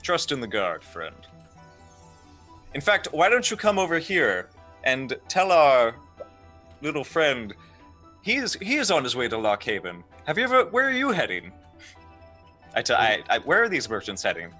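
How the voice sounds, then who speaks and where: A man's voice: medium pitch, huge pitch swings, normal speed, pauses often, pushed and bright, soft background music, pitched above the performer's own voice, exaggerated voice. A man playing an earnest, proud guard mouse in a tabletop game, stumbling over his words now and then. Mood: proud, friendly. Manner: hesitant, with many restarts. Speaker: player.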